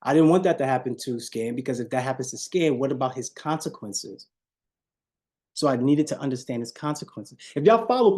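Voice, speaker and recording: A man's voice: high-pitched, a little mellow. A man with leading a live online sales coaching call, preachy and repetitive, often addressing the audience as y'all and shifting his tone on purpose.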